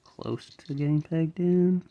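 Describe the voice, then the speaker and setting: A man's voice: fairly high pitch, unhurried, gravelly, phone-quality sound. A man with a light Southern accent, casually talking himself through assembling a toy model step by step. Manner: relaxed, talks himself through each step. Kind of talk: casual step-by-step building commentary.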